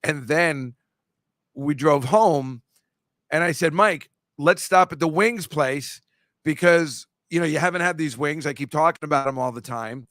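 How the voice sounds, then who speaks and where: A man with a slightly high voice hosts a podcast in loose, casual chat, wandering through long stories and ribbing his listeners. His delivery jumps in bursts of sudden loudness. The recording is dry and close, with no room sound. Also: measured pace, no echo. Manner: rambling, teasing storyteller. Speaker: podcast host.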